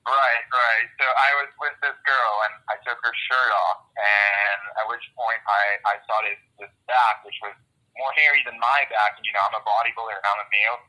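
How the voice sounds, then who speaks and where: A man's voice: lowish voice, fairly even intonation, brisk, sharp tone, poor audio. A man from Italy with an Italian accent, a guest in a casual interview who repeats words while searching for them.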